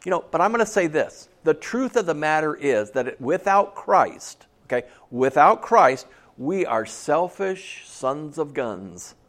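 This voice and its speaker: Man, preacher, conversational sermon, slightly higher voice, soft low asides. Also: sing-song, measured pace. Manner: conversational, frequent "okay?", dramatic drops to a soft low voice for asides.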